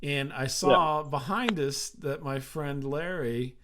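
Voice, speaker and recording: A man's voice: on the high side, slow, fairly bright tone, slight background noise. A middle-aged man co-hosting a talk show, telling long rambling anecdotes with restarts and laughs. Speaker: podcast co-host. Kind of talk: casual storytelling chat.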